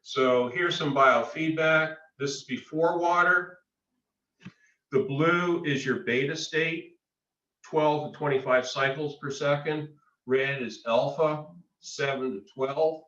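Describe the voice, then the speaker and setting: A man presenting a webinar workshop, teaching in a slow, emphatic way with frequent pauses. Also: a little high, a bit bright. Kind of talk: webinar lecture. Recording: echoey, distant, dull lo-fi audio.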